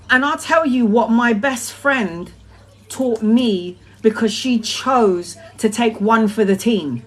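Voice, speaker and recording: A woman's voice: mid-range voice, unhurried. A woman giving a casual spiritual monologue, blunt, emphatic and full of swearing. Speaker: tarot reader.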